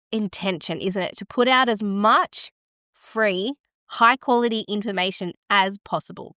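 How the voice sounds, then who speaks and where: A woman's voice: mid-range voice, clear, resonant tone, dry recording, studio quality. A woman hosting a podcast in casual chat, gasping and exclaiming as she reads results aloud. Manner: excitable, gasps and exclaims while reading stats aloud. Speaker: podcast host.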